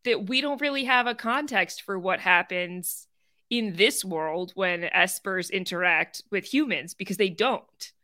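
A woman co-hosting a podcast in a bright, lively tone. She chats casually and agreeably about a video game. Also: mid-range voice, measured pace, dry recording, studio quality. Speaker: podcast co-host.

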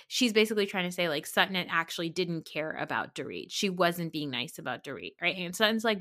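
A woman with a slightly low-pitched voice hosts a casual podcast. She recaps reality TV with sarcastic, opinionated commentary and animated storytelling. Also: brisk, few pauses. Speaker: podcast host.

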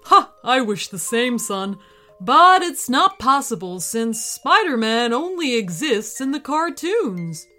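A kind, caring dad coaxing his sleepy son, as a woman reading a children's story puts him on. Slow, lively and bright, with soft music faintly underneath. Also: fairly high pitch, exaggerated voice. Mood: gentle. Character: gentle, caring dad of a young boy.

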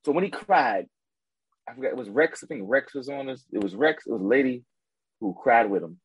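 Animated husky man on sports chat. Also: medium pitch, brisk, dry recording, low-quality recording. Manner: animated, stammering restarts. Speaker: sports podcast co-host. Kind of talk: casual chat. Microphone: remote call.

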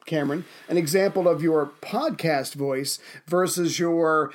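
A man co-hosting a casual history podcast, trading quick banter and short replies. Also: on the high side. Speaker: podcast co-host.

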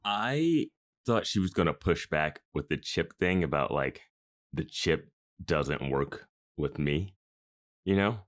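Male podcast co-host, extremely low voice, rambling casual talker. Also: animated, takes it slowly. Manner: rambling, restarts thoughts mid-sentence. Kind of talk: casual chat.

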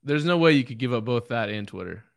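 A man's voice: mid-range voice, animated, fast, creaky. Guy cohosting a sports pod, dry teasing jabs, voice bounces up and down a lot. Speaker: podcast co-host. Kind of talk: casual sports podcast chat.

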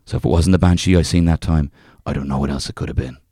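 Deep-voiced man reading a folk tale. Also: steady tone, fast talker, mellow, breathy edge, dry recording, clean studio sound. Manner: reads in a thick old-fashioned storyteller's brogue, breaking off to joke. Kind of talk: casual podcast chat with dramatic reading.

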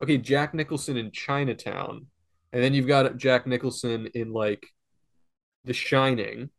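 A man's voice: mid-range voice, steady tone, a little slow, creaky. A man co-hosting a casual comedy podcast, rambling and swearing, often breaking into helpless giggling fits. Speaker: podcast co-host.

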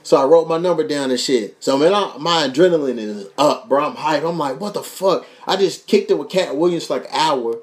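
A young man from Kentucky with a Kentucky accent, hosting a podcast and telling a profane, animated story with voices for the people in it. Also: fairly high pitch, a little fast, few pauses. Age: young adult. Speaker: podcast host. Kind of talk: casual storytelling.

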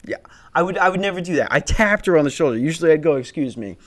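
A man's voice: a little high, animated, fast, fairly bright tone. A man in his twenties telling a rambling, profane stand-up story that builds into a worked-up rant. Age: 20s. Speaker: stand-up comedian.

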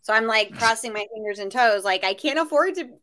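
A fairly high-pitched woman talking a little fast co-hosts a casual podcast and works as a reseller. She spins her stories with energy, imitating what others said.

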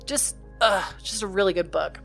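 A woman's voice: medium pitch, normal speed, gravelly, a bit bright, faint music behind. A young woman hosting a podcast, talking casually and earnestly in a sit-down chat with heartfelt encouragement. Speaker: podcast host.

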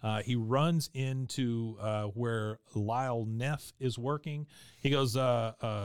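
Man, podcast co-host, mid-pitch, dry close sound; chatty episode recap, animated retellings. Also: slow pace, smooth, no room sound. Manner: retells scenes, acting out character lines with raised pitch; frequent fillers and restarts while narrating. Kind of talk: casual chat.

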